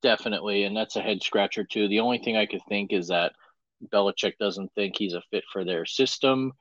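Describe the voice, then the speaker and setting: A very low-voiced man co-hosts a football talk show with brisk analysis and rhetorical questions. His audio is dry and dull, without room echo. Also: a bit bright. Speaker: co-host. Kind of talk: casual sports talk.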